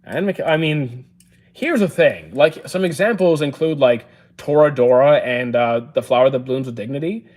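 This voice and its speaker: A man's voice: mid-range voice, moderate pace. Easygoing streamer guy. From Canada. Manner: relaxed, chatty, with frequent fillers and restarts. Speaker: streamer answering chat. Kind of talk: casual live-stream chat.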